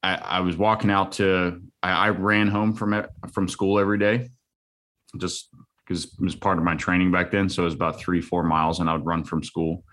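A man's voice: low voice, little pitch movement, moderate pace, a bit bright. A man in his thirties telling a personal story in an earnest, reflective way, loose and full of fillers.

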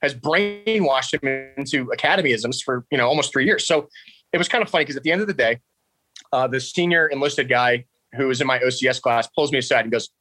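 A man's voice: medium pitch, brisk, no echo, poor audio. A man, a podcast guest telling stories animatedly and laughing often. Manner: animated, laughs often, quotes others in raised voice. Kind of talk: casual storytelling.

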